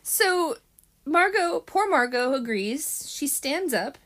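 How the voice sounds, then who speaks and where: Co-host, woman, slightly high voice, chatty recap full of ums. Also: slow pace. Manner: chatty, hesitant with frequent ums, animated retelling. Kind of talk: casual chat recapping a TV mystery episode.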